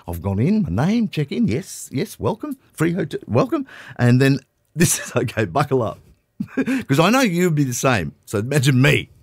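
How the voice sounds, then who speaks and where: Animated man telling a story. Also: mid-range voice, normal speed, breathy edge, dry recording, clean studio sound. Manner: animated anecdote teller who laughs at his own jokes. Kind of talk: casual storytelling chat.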